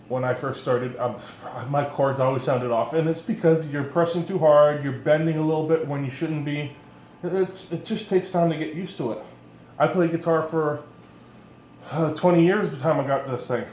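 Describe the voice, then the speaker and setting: A man's voice: fairly high pitch, darkish tone, slight background noise. A man giving a casual demonstration of instrument setup, rambling and correcting himself as he goes, recorded in a home workshop on a camera mic. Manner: rambling, self-correcting, plainspoken. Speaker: instrument maker and teacher. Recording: echoey room with faint ambience.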